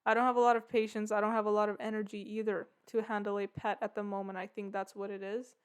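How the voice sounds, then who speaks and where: Chatty woman podcaster, smooth voice. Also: medium pitch, level tone, fast. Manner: rambling, lots of "like" and "yeah". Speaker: podcast host. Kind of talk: casual storytelling.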